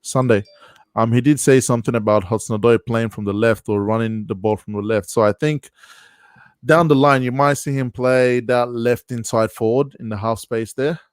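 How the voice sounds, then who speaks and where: A man on a video call giving casual football analysis in a measured way, with many ums. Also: mid-range voice, steady tone, clear, resonant tone, no echo, clean studio sound. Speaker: panelist.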